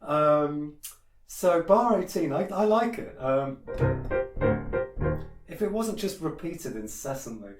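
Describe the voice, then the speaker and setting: A man's voice: on the high side, lively intonation, takes it slowly, long pauses. A man teaching a piano piece in a casual tutorial, opinionated and hesitant, with many fillers and restarts. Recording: echoey room with piano playing.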